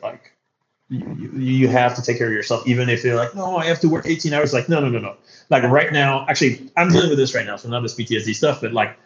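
A young man in his twenties, a startup founder speaking as a podcast guest, talking candidly in a halting, rambling way with many restarts. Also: mid-range voice. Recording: echoey room, dull lo-fi sound.

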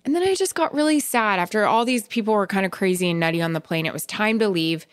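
A woman's voice: mid-range voice, quick pace, clear, resonant tone, no room sound, clean studio sound. A woman co-hosting a casual talk show, telling stories and acting out the voices of the people in them. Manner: animated storyteller acting out quoted voices. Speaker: podcast co-host. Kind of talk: casual chat.

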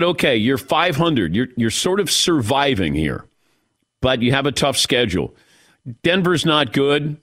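Animated sports talk radio host, man. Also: medium pitch. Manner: opinionated, rhetorical questions.

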